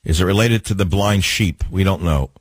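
A man's voice: low-pitched, moderate pace, breathy edge, no room sound. Combative older male talk radio host. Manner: combative, rhetorical, taunting questions. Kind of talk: opinionated talk radio monologue. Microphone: studio mic.

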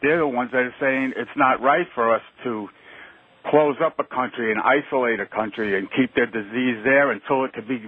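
Male phone-in caller, anxious and halting, husky voice on a tinny line. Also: mid-range voice, no echo. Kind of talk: phone-in call. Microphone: telephone.

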